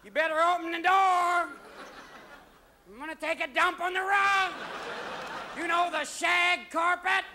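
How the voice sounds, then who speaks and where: A man's voice: very high voice, a little slow, long pauses, a little hiss or hum, pitched above the performer's own voice, full character voice. A man putting on a whiny bossy house cat. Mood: bossy whining. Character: demanding male house cat wanting out. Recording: live show with loud audience laughter.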